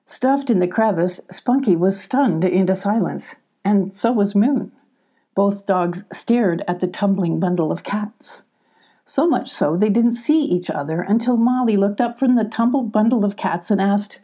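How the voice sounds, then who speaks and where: A woman reading a children's storybook aloud as a gentle grandmotherly narrator. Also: mid-range voice, animated, normal speed, husky.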